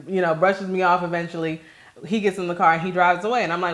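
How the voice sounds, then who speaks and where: A young adult woman from Maryland hosting a casual talk, telling a personal story with lively acted-out quotes. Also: medium pitch, fast. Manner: animated storyteller who acts out quoted voices. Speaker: host.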